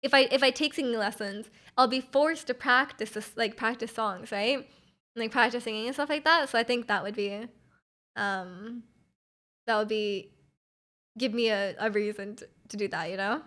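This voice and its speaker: A young-sounding woman chatting on her stream, her voice a touch high. She rambles with fillers and frequent giggles. Her throat sounds slightly off. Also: normal speed, a bit bright. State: throat feels off. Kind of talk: casual chat with viewers.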